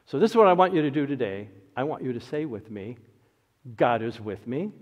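A man's voice: mid-range voice, very animated, a little fast. A man preaching a sermon as pastor, leading the congregation in call-and-response. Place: church sanctuary. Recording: echoey hall, dull lo-fi sound.

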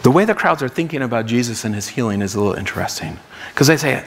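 A man's voice: a little high, lively intonation, quick pace, vocal fry, long reverb tail. A man preaching a sermon as pastor, in a conversational way, acting out what the crowds might say. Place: church sanctuary.

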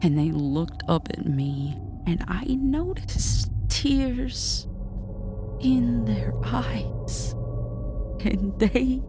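A woman narrating a horror story in a hushed, often whispered way. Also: on the high side, expressive, extremely slow, over music.

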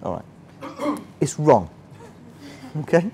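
Speaking slowly with huge swings in pitch, a man with a high, mellow voice runs an interactive finance workshop for a live audience. He chats casually, checks whether people agree, and jokes at his own expense; a little hiss or hum sits under the audio.

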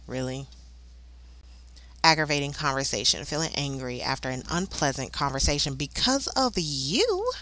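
Chatty woman with a lively voice. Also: deep voice. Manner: chatty, voices the characters in quick asides. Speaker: let's play host. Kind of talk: casual gameplay commentary.

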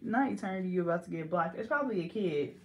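A woman's voice: fairly low pitch, animated, roomy sound. Playful teasing woman braider. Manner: playful, teasing, drawn-out mock pronunciations. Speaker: hair braider and vlogger. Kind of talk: casual chat while braiding.

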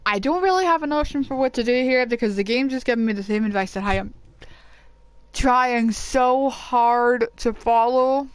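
A woman's voice: on the high side, normal speed, clean tone, no echo. A woman streaming a game, tired and frustrated, complaining as she plays. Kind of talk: casual gaming commentary.

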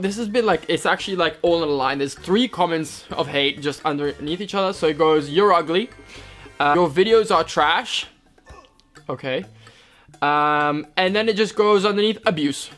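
A man's voice: on the high side, fairly bright tone. Wry young man with a British-American accent. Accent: mix of British and American. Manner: wry, self-deprecating, lightly sarcastic. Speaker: equestrian vlogger. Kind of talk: casual vlog, reading and answering comments.

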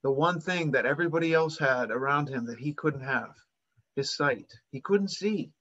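A man's voice: fairly high pitch, normal speed, a bit bright, lo-fi sound. A man preaching a sermon, retelling a Bible story and acting out its voices with rising emphasis.

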